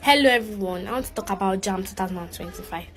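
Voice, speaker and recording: A young woman calmly explaining her exam history in a vlog. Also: medium pitch, fast, poor audio. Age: young adult. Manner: composed, explanatory. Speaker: exam candidate.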